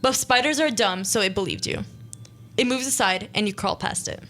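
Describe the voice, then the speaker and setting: A woman's voice: mid-range voice, moderate pace, fairly bright tone. A young woman hosting a casual radio show, chattily reading out an interactive scary story and breaking off to comment. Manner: chatty, self-interrupting, reads the story aloud.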